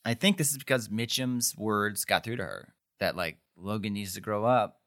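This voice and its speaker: A man's voice: on the low side, normal speed, a bit bright. A man co-hosting a podcast, casually recapping a TV episode, rambling with lots of "like" and acting out quotes. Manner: rambling, frequent "like", acts out quotes. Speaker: podcast co-host.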